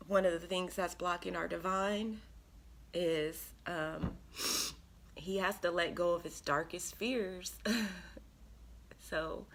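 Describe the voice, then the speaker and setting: A woman giving an earnest, emotional spiritual card reading to her viewers, pausing often with ums. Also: fairly low pitch, steady tone. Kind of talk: tarot reading monologue.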